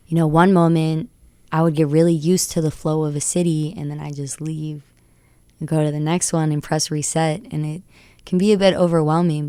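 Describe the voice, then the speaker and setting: A young woman rapper, a guest on a radio show, tells her stories in an excitable, tumbling rush. Her voice sits low and carries a gravelly fry. The studio mic sound is dry and close. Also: dry recording. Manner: excitable, tumbling recounting with laughs. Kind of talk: animated storytelling interview.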